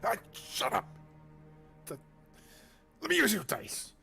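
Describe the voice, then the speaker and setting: A man's voice: sits high, wildly swooping pitch, slow pace, creaky, soft background music, pitched above the performer's own voice, exaggerated voice. Man doing a whiny, squawking redcap creature. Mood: aggravated. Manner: shouty, whiny complaints. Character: sore-losing male redcap fey, griping and petulant.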